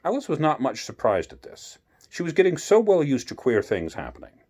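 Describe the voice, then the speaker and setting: A man's voice: mid-range voice, wildly swooping pitch, a little fast, a little mellow. Man reading a bedtime story aloud.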